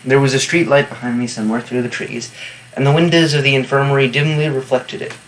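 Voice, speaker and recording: A man reading a novel aloud in steady first-person narration, stopping now and then for wry, offhand comments on the text. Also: medium pitch, fast talker, slight background noise, rough recording. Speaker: reader and annotator.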